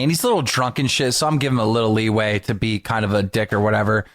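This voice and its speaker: A man co-hosting a casual podcast, telling stories in a profane, animated way and acting out quotes in a raised voice. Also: medium pitch, fast, few pauses. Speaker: podcast co-host.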